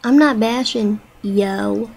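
A woman's voice: mid-range voice, slow pace, gravelly, a little mellow, slight background noise, low-quality recording. A young woman rambling playfully into her webcam at home and cooing at her pets. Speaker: vlogger. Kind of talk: casual webcam chatter.

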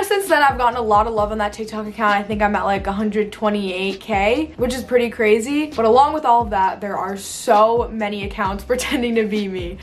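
A young woman chatting casually in a playful, self-mocking vlog. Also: fairly high pitch. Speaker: video creator.

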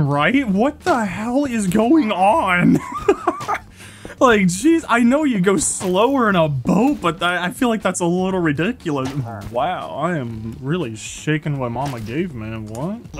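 Young man, gameplay commentary, excitable, jokey, fairly high voice, very lively intonation. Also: normal speed, soft background music. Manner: excitable, jokey, lots of exclamations. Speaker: Minecraft YouTuber.

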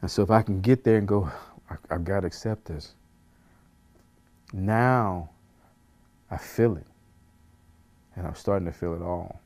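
A man's voice: low voice, moderate pace, pauses often, darkish tone. A man, a pastor, teaching a Bible study in an earnest way, repeating phrases for emphasis and chuckling at himself.

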